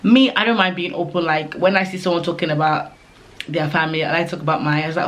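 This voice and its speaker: A woman's voice: deep voice, steady tone, fast, a little hiss or hum. A young woman talks casually to camera like she is chatting with a friend. Her delivery rambles from point to point, stuffed with "like" and small fillers. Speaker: vlogger giving advice. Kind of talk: casual advice talk to camera.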